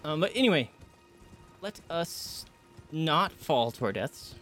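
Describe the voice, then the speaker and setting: A man streaming a video game live, rambling through his play and breaking into startled yelps and shouts when enemies surprise him. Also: on the high side, sing-song, slow pace, faint music behind. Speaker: gaming streamer. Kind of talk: live gameplay commentary.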